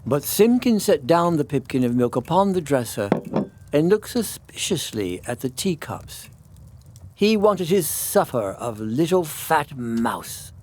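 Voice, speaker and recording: A man, a priest, reading a classic children's story aloud in an expressive, melodic way. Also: a little high, unhurried, a little hiss or hum. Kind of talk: storybook narration.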